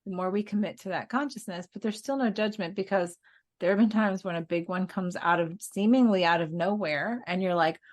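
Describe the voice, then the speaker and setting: A woman's voice: on the low side, fairly quick. A woman co-hosting a casual spiritual podcast, telling stories in an earnest way and laughing now and then. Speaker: podcast co-host.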